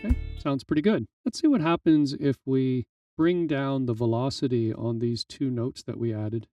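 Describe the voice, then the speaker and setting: A man teaching drum programming in a relaxed, explanatory way, with frequent fillers, in a screen-recorded software tutorial. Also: mid-range voice, moderate pace, distant mic, faint music behind. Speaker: music tutorial instructor.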